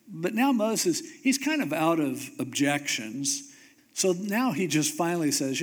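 A man's voice: fairly high pitch, big pitch swings. Man preaching a casual, humorous sermon. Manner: conversational, humorous, emphatic slowdowns. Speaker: pastor.

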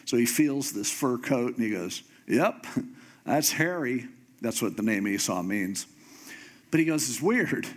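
A man preaching a sermon, telling a story in a comic way and acting out the characters with sudden jumps in pitch. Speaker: pastor.

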